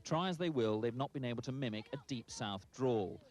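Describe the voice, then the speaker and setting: Male reporter voice-over, dry humour, steady scripted read. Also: mid-range voice, brisk. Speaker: reporter narrating. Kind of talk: scripted narration.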